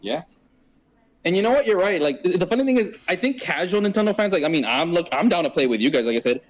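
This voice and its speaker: A man hosting a casual podcast, talking in a profane, slangy way and going off on quick tangents. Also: high voice, animated, low-quality recording. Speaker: podcast host. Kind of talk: casual chat.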